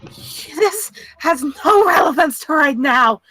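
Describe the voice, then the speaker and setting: A woman plays a cornered woman witness in a tabletop game, denying everything and bursting into shouts. The voice sits high and swoops widely, with a dry, close sound. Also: animated, takes it slowly, no echo, full character voice, low-quality recording. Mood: evasive. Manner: defensive, denying, breaking into shouts. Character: evasive, panicky woman witness under accusation.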